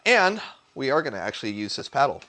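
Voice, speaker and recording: A man's voice: medium pitch, very animated, fast talker, pushed and bright. A young man chatting through a casual cooking livestream from a home kitchen, rambling, swearing a lot and sounding hyped. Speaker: cooking streamer. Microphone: neck-mounted camera.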